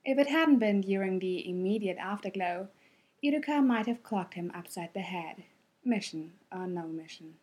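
A woman narrating fan fiction softly, in a hushed, close delivery. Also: mid-range voice, expressive, normal speed, slightly rough. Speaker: reader.

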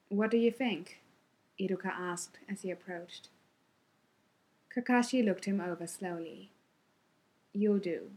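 Brief: woman narrator, calm measured storybook reading, mid pitch.

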